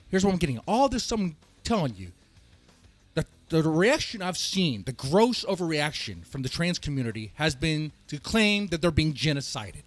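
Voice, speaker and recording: A man hosting a ranting commentary show, heated and emphatic, who repeats himself and restarts his sentences and sometimes rises to a shout. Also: fairly high pitch, no room sound. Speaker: host of a reaction and rant channel.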